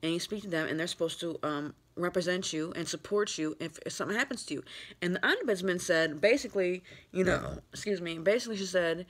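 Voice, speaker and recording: A fast-talking woman with a fairly low voice posts an emotional personal vlog. In her thirties, she's upset and tearful, venting in a rambling way with frequent fillers and restarts.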